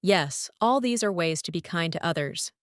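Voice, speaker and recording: A woman playing a calm female teacher in a scripted classroom dialogue, politely giving her students turns to speak. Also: lowish voice, normal speed, close to an everyday voice.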